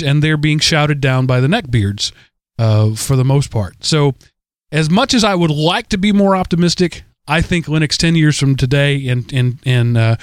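A man's voice: on the high side, dry recording, clean studio sound. A man hosting a podcast in a casual, rambling way, with many restarts. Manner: rambling, full of restarts and fillers. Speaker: podcast host.

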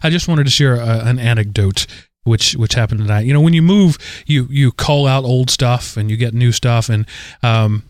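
A man in his forties, co-hosting a podcast, telling a rambling, animated story full of fillers. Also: mid-range voice, moderate pace, no room sound, studio quality. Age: 40s. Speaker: podcast co-host. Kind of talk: casual chat.

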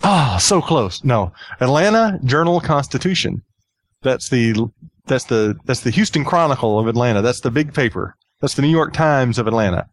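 A man's voice: mid-range voice, expressive, normal speed, no echo. A chatty man hosts a podcast, talking in a loose, casual way and often circling back over his own words. His voice sits in a middle range. The sound is dry and close. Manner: chatty, repeats himself, laughs often. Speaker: podcast host.

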